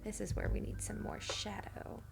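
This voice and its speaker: A woman's voice: moderate pace, music in the background. A woman chatting casually and enthusiastically with her co-host while they draw together. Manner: upbeat, enthusiastic, giggly. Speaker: co-host drawing with a partner. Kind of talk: casual chat while drawing.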